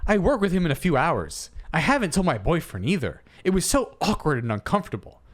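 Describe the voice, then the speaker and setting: A man co-hosting a comedy podcast, reading a listener's post aloud and then arguing his side in a playful, animated way. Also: on the high side, a little fast. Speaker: podcast co-host.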